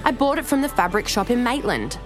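A woman's voice: medium pitch, animated, normal speed, lightly acted. A woman voicing a defiant, proud young pregnant mother with a spirited, raised voice, in a storybook reading. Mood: insistent. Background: soft music.

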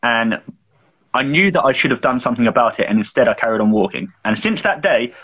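A man's voice: mid-range voice, lively intonation, fast talker, a bit bright, breathy edge, dull audio. A young man co-hosting a podcast, telling a long personal story in casual chat, full of swearing, fillers and restarts. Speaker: podcast co-host.

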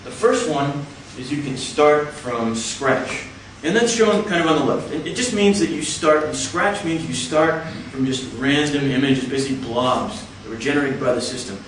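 In a measured, step-by-step lecture, a man explains a topic to an audience, his fairly high, fairly bright voice moving with lively intonation. Heavy echo fills the large hall around him. He sounds a little far from the microphone, and faint background noise can be heard.

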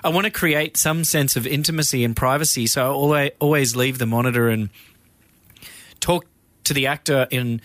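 A man being interviewed as a guest, chatting in a playful, relaxed way and laughing often. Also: mid-range voice, normal speed, no room sound. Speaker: guest filmmaker. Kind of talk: casual interview chat. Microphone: studio mic in a podcast booth.

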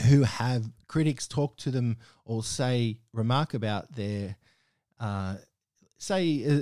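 A man's voice: medium pitch, darkish tone, dry recording, clean studio sound. A man hosting a podcast, casually reviewing a film in a chatty way with frequent fillers and restarts. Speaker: podcast host.

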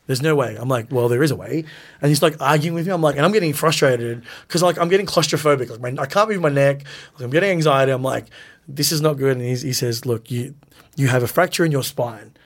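A mid-range, fast-talking man, a professional wrestler, guests on a podcast interview and tells stories casually. He acts out quoted lines in a raised voice.

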